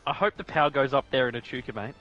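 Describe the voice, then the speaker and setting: A man's voice: medium pitch, very fast, fairly bright tone, faint music behind. Bantering Australian man commentating, muffled line. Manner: laughing, bantering, reads off the grid. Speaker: sim racing commentator. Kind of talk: casual live commentary.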